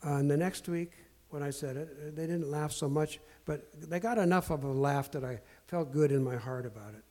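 A man tells personal stories in an earnest, self-deprecating way, pausing and restarting often with fillers. His voice sits a little high for a man, with a mellow, warm tone. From Portland area. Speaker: speaker sharing life lessons. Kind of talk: candid storytelling talk.

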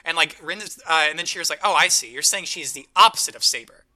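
A man's voice: a little high, animated, bright, forceful tone. A man co-hosting a podcast, retelling a story in casual chat full of "like" and quoted lines. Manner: rapid, filler-heavy retelling with quoted voices. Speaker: podcast co-host.

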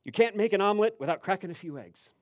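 A man's voice: sits high, animated, quick pace, no echo, clean studio sound, voice pushed up. A pastor voicing a mysterious male stranger who offers stock sayings with raised, emphatic delivery. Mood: proverbial.

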